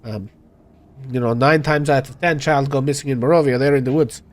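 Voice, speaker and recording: A man's voice: mid-range voice, steady tone, a little fast, lightly acted. A man voicing a wary village father who speaks in broken, clipped English and bluntly drops small words. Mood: subdued.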